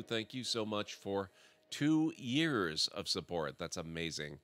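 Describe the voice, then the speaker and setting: A male streamer greets viewers during a live game stream, friendly and chatty. His voice is low. Music plays under him. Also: animated, slow, a bit bright.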